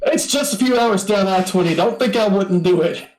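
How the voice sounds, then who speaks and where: A casual co-host who keeps jumping in with exasperated jokes and mock threats. The voice sits at an everyday pitch and carries a noticeable room echo around it. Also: moderate pace, slight background noise. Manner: exasperated, joking threats and groans. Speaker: co-host commentating. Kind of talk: casual banter. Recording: roomy echo.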